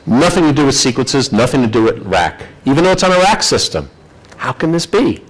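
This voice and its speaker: A man's voice: mid-range voice, poor audio. A man presenting a technical conference talk, telling the story in a chatty, self-deprecating way. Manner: animated storytelling, acts out quoted voices.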